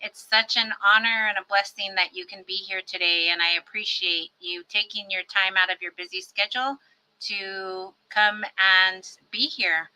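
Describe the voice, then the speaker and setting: A middle-aged woman hosting a virtual event, welcoming guests with warm, chatty personal introductions over a video call. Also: mid-range voice, fairly even intonation, normal speed, low-quality recording. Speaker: host.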